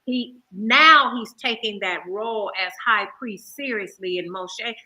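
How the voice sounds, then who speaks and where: A woman hosting a casual Bible discussion, talking in an animated and emphatic way. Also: mid-range voice, unhurried, low-quality recording. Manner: animated, emphatic, hollers with laughter. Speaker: host.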